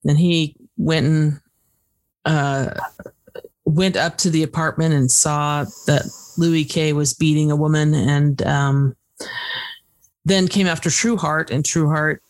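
Podcast co-host, woman, low voice, dry close sound, recaps plot casually. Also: dry recording. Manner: recaps plot with fillers and restarts. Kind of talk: casual book discussion.

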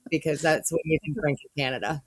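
A woman with a Michigan accent co-hosting a podcast, enthusiastic and quick to laugh. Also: low-pitched, steady tone, dry recording. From Michigan, USA. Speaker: podcast co-host. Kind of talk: casual chat.

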